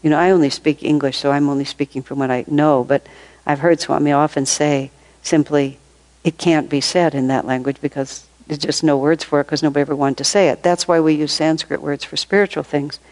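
A woman's voice: low-pitched, steady tone, fairly quick, a little mellow, poor audio. An older woman giving an informal spiritual talk, telling stories in a conversational way and laughing often. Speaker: spiritual teacher.

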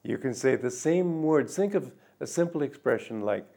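An older man giving a reflective spiritual talk, speaking gently and musingly, with soft drawn-out endings. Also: mid-range voice, lively intonation, gravelly. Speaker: spiritual teacher.

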